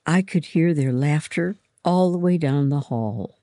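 A reader with a gravelly voice telling a story in first person, slowly and deliberately. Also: medium pitch, dark tone, dry recording, clean studio sound.

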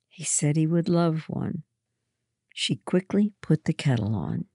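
A woman with a husky voice reading a first-person story aloud in a calm, measured way. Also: low-pitched, dry recording, clean studio sound.

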